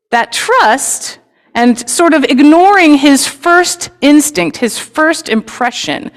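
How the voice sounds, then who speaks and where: A woman leading a story for all ages at a congregation service, lively, chatty and inviting, speaking into a microphone. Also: high voice, long reverb tail. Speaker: worship leader. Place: congregation sanctuary.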